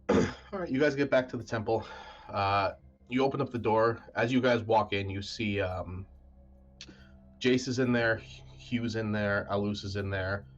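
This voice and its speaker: A man's voice: fairly low pitch, a little slow, dull audio, soft background music. A man narrating a tabletop game as game master in a casual, filler-heavy way.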